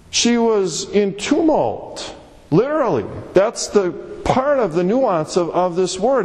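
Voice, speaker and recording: A male pastor preaching an expository sermon, telling stories in an animated way and repeating phrases for emphasis. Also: high-pitched. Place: church sanctuary. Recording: long hall reverb.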